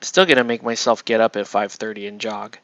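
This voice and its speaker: A man talks casually to his stream viewers while he paints, rambling and poking fun at himself. His voice has a gravelly, bright edge. The sound is dry and close, with no room around it. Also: fairly low pitch, fairly even intonation, a little fast, no echo, muffled recording. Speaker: miniature painter streaming live.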